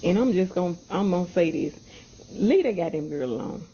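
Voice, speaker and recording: A woman's voice: fairly low pitch, lively intonation, fairly quick, mellow, slight background noise. A woman scolding in a casual video rant, exasperated and blunt. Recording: dull lo-fi audio.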